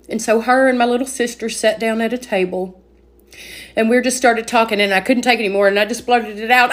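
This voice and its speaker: A woman with a fairly high voice gives a heartfelt personal testimony. She talks earnestly and emotionally, with plenty of casual "like" fillers as she tells her story. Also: steady tone, quick pace. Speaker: speaker giving a faith testimony.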